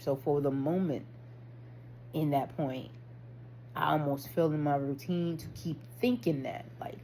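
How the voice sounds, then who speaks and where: A woman's voice: lowish voice, dark tone, a little hiss or hum, poor audio. A woman talking candidly to camera, slangy and swearing, laughing at herself as she reflects. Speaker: vlogger. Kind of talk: casual spiritual monologue.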